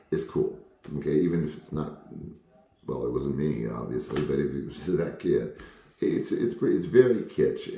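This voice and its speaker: A man's voice: very deep voice, creaky, warm tone, roomy sound, dull audio. A former child actor telling rambling, frank stories from his career, with many fillers. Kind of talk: casual storytelling monologue.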